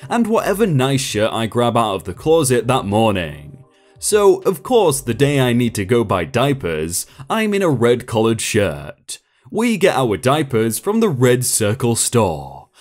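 A man reading online stories aloud with an expressive storytelling delivery. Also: mid-range voice. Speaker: story narrator.

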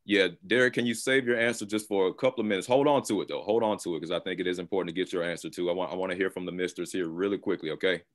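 A man moderating a panel discussion over a video call, relaxed and conversational. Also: low-pitched, racing, hardly any pauses. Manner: relaxed and conversational, with occasional laughs.

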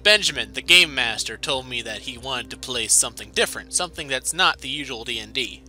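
A calm young man in a game story , voiced by a man, speaks in a put-on British accent. He keeps it quiet and measured, with a bright tone. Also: medium pitch, faint music behind, voice pushed down.

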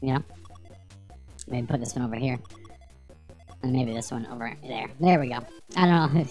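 Low voiced lady rambling and cussing through a retro game stream, faint music behind. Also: moderate pace, a little mellow. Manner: rambling, profane, joking banter with chat. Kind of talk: casual livestream gameplay commentary.

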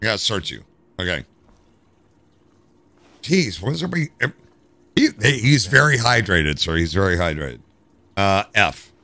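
In live gameplay commentary, a man with an American accent talks at normal speed in a lowish voice, stopping frequently. With no echo in the audio, he's animated, tossing out jokes and complaints to his chat.

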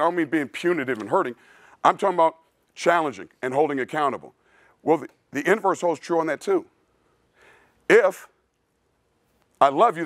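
A man's voice: fairly high pitch, fairly bright tone, no echo, studio quality. A male strength coach giving a blunt, preachy clinic talk in a casual way, often calling listeners "dude". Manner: casual, says "dude" a lot. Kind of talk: clinic presentation.

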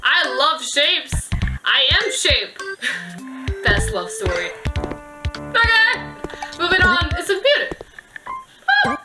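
Giggly high-voiced woman playing a game. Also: big pitch swings, takes it slowly, pauses often, low-quality recording. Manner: giggly, playful, talks to game characters. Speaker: gaming video host. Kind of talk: casual let's-play commentary. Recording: music playing behind the voice. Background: game music.

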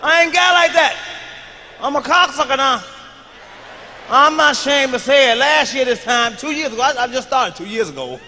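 A man telling profane stand-up comedy stories to a live audience, often shouting. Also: extremely high pitch, expressive, moderate pace, a little hiss or hum.

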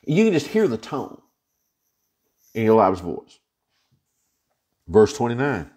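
A man's voice: medium pitch, huge pitch swings, takes it slowly, long pauses, darkish tone. A male pastor teaching an informal Bible study, retelling scripture in a folksy, plain-spoken way.

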